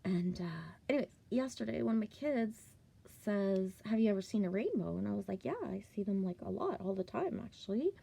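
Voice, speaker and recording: A woman from Ontario talks through a personal story in a loose, unscripted vlog, swearing freely and leaning on "like." Her voice is warm and gravelly with a husky edge. Now and then she drops into a whisper. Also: mid-range voice, lively intonation, brisk. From Ontario, Canada. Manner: heavy swearing, many "like" fillers, drops to whispers. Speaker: vlogger.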